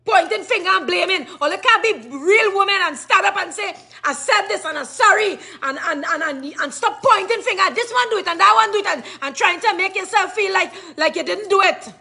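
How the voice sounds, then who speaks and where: A woman's voice: very high-pitched, lively intonation, a little fast, gravelly, few pauses, pushed and bright. A woman with a Trinidadian accent in an angry rant to camera, cursing and firing off repeated questions. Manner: furious, cursing, repetitive questioning.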